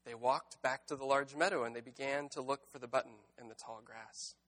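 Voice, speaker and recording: A man giving a sermon in a reflective, unhurried voice. He reads aloud from a storybook and then draws lessons from it, slipping in gentle wordplay along the way. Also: medium pitch, fairly even intonation. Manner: reflective, gently wry, with word-play asides. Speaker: pastor.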